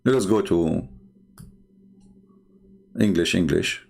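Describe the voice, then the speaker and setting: In a deep, slow voice that's gravelly, a bit mellow and slightly rough, a man hosts a livestream discussing religious texts. He is argumentative, circling back to rhetorical questions and filling pauses with hesitation and filler words.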